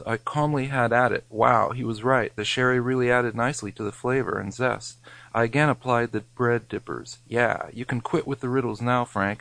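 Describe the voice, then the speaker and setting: A man's voice: medium pitch, vocal fry, a bit bright, no echo, rough recording. A man reading a scripted, wry food memoir, his wording mock-grand. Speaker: narrator.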